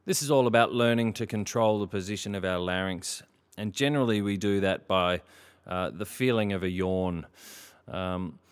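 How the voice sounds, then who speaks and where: A man leading a vocal warm-up lesson, calmly instructing and demonstrating sung scales. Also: on the low side, moderate pace, smooth. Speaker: singing teacher.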